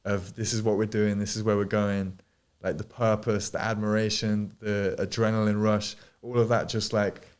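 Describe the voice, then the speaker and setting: Rambling man, lowish voice. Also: flat delivery, moderate pace, darkish tone, smooth. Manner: rambling, many fillers and restarts, swears freely. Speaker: podcast guest, DJ. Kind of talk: casual podcast chat. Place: studio.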